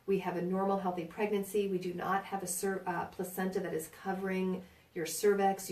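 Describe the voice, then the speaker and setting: A woman's voice: medium pitch, darkish tone. Chatty New York woman, birth educator, roomy sound from a distant mic. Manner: chatty, reassuring, asks "right?" often. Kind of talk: informal prenatal class talk.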